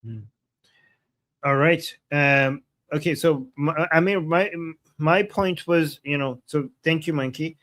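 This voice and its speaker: A man's voice: on the high side, takes it slowly, fairly bright tone. Hesitant male livestream host. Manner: musing, hesitant, reads viewer super chats. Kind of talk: live-stream political talk.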